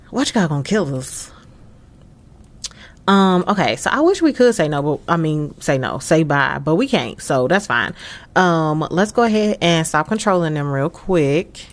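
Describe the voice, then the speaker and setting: A young woman giving casual gameplay commentary, expressive and exclaiming often as she talks to her viewers. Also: low voice. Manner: frequent laughs. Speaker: gaming channel host.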